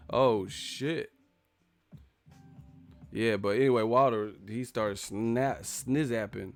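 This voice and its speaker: A man hosting a live stream, profane and animated, acting out the people he talks about. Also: medium pitch, slow pace, pauses often, soft background music. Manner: profane, animated, acts out quotes. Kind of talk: casual live-stream commentary.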